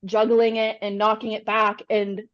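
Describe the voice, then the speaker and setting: Young woman telling lively stories, lo-fi. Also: medium pitch, moderate pace. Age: young adult. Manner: animated, fills with "like". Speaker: podcast guest. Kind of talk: casual storytelling chat. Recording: dull lo-fi sound.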